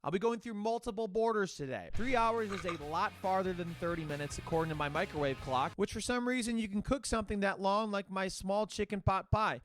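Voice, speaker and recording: A man's voice: sits high, fairly quick, few pauses. A young man from Cleveland giving a scripted, joking voice-over for a travel video, full of sarcastic, self-deprecating asides. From Cleveland, Ohio. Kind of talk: scripted comedic voice-over narration. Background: faint music.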